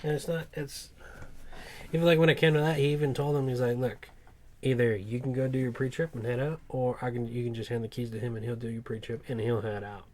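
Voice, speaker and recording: A man's voice: medium pitch, steady tone, quick pace, darkish tone. A man, a truck mechanic, telling a rambling work story in casual podcast chat, with plenty of swearing.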